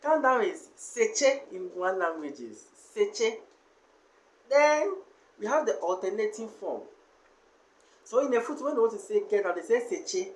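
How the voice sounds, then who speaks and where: A man teaching a language lesson, slowly sounding out and repeating each syllable and word. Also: high voice, sing-song. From Ghana. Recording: echoey room.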